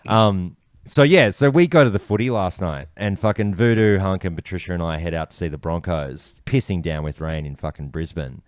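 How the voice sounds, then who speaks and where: An Australian man hosting a podcast, telling stories in animated casual chat with plenty of swearing. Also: low voice, fairly quick, hardly any pauses, no room sound. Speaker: podcast host.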